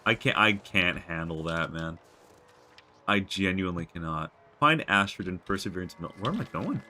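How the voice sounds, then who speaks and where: A man streaming a game live, ranting to chat in an exasperated, emotional way with stammers and swearing. His voice sits low but bright and swings widely in pitch. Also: expressive, moderate pace, slight background noise. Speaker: livestreamer. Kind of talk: casual live game commentary.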